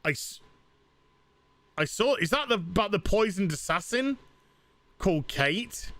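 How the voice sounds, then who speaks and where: A man's voice: high voice, very animated, unhurried, a bit bright, dry recording. A man with an English accent chatting casually on a game live stream, reading out donations and rambling with lots of fillers and restarts. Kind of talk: casual live-stream chat while playing. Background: game music.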